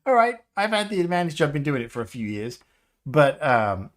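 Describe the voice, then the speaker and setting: Lively, chatty man in his fifties. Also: a little high, normal speed. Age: 50s. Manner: rambling, nostalgic, laughs often. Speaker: game developer livestreamer. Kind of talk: casual live-stream chat.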